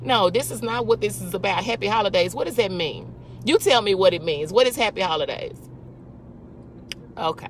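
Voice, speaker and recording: A woman's voice: medium pitch, brisk, a little hiss or hum. A woman hosting a casual faith talk, emphatic and full of rhetorical questions. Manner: emphatic, rhetorical questions, talks back to imagined people. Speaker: host.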